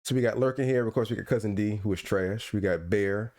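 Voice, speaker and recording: A man's voice: lowish voice, brisk, a little mellow. A man hosting a casual podcast livestream from home, playful and teasing, laughing often. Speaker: podcast host.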